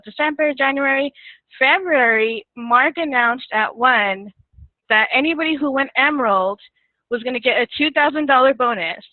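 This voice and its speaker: A woman's voice: sits high, no room sound. A woman guest telling her story in a casual interview, chatty, laughing often and getting emotional. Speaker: guest distributor. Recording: tinny phone line, dry.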